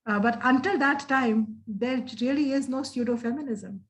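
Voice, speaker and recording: A middle-aged woman speaks as a guest in an interactive session, heard over a video call. Her voice sits a little high, and her delivery is earnest and reflective, with frequent fillers and pauses. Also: rough recording.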